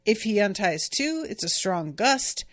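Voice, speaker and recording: A woman recaps an episode on her podcast, chatty and exasperated, with frequent filler words. She speaks in a measured, unhurried way at a middling pitch. Her voice sounds dry and close, with no room echo. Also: big pitch swings. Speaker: podcast host. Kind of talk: casual episode recap and commentary.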